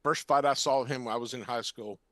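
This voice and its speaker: A man's voice: medium pitch, a little fast, a bit bright. An older man co-hosting a podcast, chatting casually and cracking crude jokes he chuckles at himself. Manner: crude joker, chuckles at his own gags. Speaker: podcast co-host. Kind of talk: casual chat.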